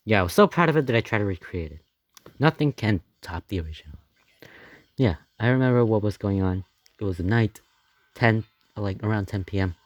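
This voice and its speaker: A man giving casual reaction commentary on his own old animation, excitable and rambling, often laughing and gasping between thoughts. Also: lowish voice, no echo. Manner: excitable and rambling, with many fillers, laughs and gasps.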